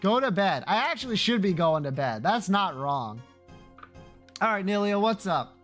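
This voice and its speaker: A man streaming a game and chatting casually with his viewers, joking between lines. His voice sits high. Faint music plays underneath. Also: big pitch swings, moderate pace, fairly bright tone. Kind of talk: casual game commentary and reading dialogue aloud.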